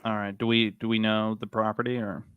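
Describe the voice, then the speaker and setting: A man hosting a live call-coaching session, talking with lively enthusiasm and acting out both sides of phone calls. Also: lowish voice, a little fast, smooth, no echo, phone-quality sound. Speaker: host coaching on seller calls.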